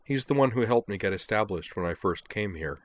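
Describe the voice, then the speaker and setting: A man's voice: on the low side, lively intonation, fairly quick, natural voice. Cheerful grateful young woman, read by a man, slightly lifted voice. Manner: warm, grateful.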